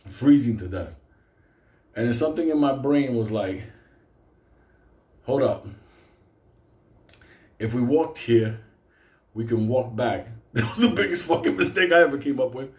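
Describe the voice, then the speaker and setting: A man of middle pitch spins a comic tale in casual, animated talk. He swears constantly and laughs through his own lines. The sound has a roomy echo. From Puerto Rico. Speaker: storyteller.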